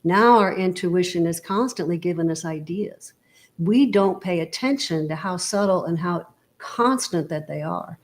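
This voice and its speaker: Female interview guest, lowish voice, casual and explanatory, checks in often with the listener. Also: measured pace. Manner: explanatory, full of analogies and "you know". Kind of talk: casual motivational conversation.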